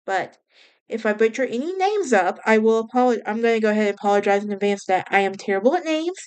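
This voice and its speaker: A woman's voice: on the high side, expressive, fast, darkish tone, smooth. A woman from Alabama with a Southern US accent, hosting a casual solo podcast in a chatty, rambling way with wry asides and a mild speech impediment. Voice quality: self-described speech impediment. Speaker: podcast host.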